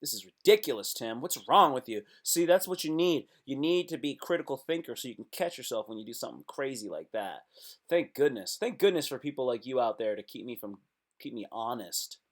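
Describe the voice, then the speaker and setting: A man chatting casually on a live stream, reading comments and reacting with sudden loud outbursts. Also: mid-range voice, brisk. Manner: animated, talks to himself and chat, sudden loud outbursts.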